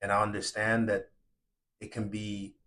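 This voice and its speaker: A man delivering an impassioned solo rant, angry and profane, swinging between shouting and quiet, remorseful murmuring. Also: lowish voice, completely flat delivery, unhurried. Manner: angry, profane, repetitive and confrontational.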